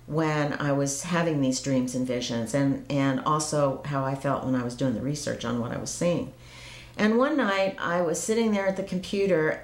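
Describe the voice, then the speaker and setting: A woman with a low voice recounts her personal visions, hesitant and reflective, often restarting her sentences. The recording carries a noticeable roomy echo. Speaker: storyteller recounting mystical experiences. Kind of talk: personal storytelling to camera.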